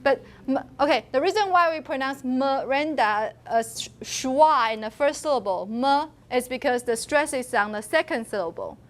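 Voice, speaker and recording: A woman's voice: high voice, expressive, normal speed, hardly any pauses. A female university lecturer with a Taiwanese accent, giving a classroom lecture and often asking the students questions and laughing.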